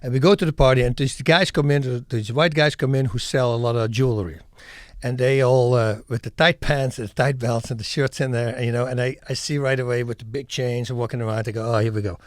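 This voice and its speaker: A middle-aged man from the Netherlands, telling stories as a podcast guest in an animated, emphatic way and acting out scenes. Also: medium pitch, fairly quick, dry recording, studio quality. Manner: animated, emphatic storyteller who acts out scenes. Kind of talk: podcast interview storytelling.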